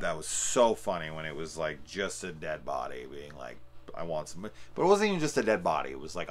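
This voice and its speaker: Low-voiced man casually reviewing a film. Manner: profane, excitable, rambling with fillers. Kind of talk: casual spoiler discussion.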